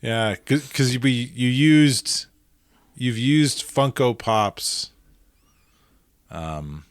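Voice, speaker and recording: A man co-hosting a casual podcast, talking haltingly, often trailing off and restarting. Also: mid-range voice, lively intonation, dry recording. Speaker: podcast co-host. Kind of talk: casual chat.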